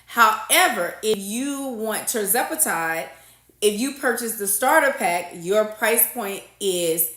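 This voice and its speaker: A woman hosting a casual livestream, talking to her viewers as a registered nurse. Her voice is bright and forceful, at a middle pitch for a woman. She repeats herself and reads out and answers chat comments, and the room gives her voice a clear echo. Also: animated, slow. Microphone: phone or webcam livestream setup.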